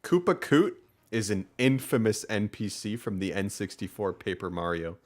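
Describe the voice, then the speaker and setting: A man's voice: lowish voice, animated, normal speed. A young man casually commenting while playing a game, chatty and laughing at his own lines. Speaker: lets-play commentator.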